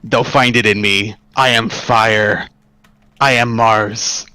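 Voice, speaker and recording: A man voicing a brooding young male warrior, speaking in slow dramatic pauses. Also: on the low side, steady tone, sharp tone, clean tone, no room sound, poor audio.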